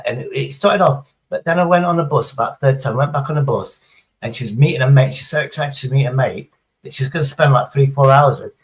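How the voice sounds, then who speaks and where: A man's voice: medium pitch, low-quality recording. Middle-aged guy on a stream, rambles and swears a lot, sarcastic chat. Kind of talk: casual chat.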